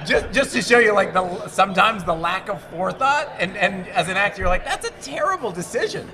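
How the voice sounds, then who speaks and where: A middle-aged man from Montreal, an actor being interviewed at a convention, who talks in casual animated stories, restarts his sentences and acts out the quotes. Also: sits high, fairly quick, a crowd in the background. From Montreal, Canada. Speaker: actor guest. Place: convention hall.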